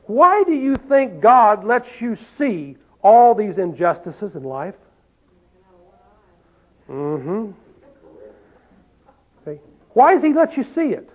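A man's voice: sits high, big pitch swings, slow, long pauses. A man preaching a sermon in a folksy way, often asking the listeners questions and saying "see?". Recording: tinny phone-like sound.

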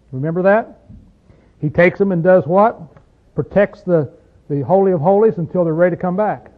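A man preaching a sermon in a folksy, emphatic way with a Southern US accent, often asking his listeners questions. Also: high voice. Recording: tinny phone-like recording.

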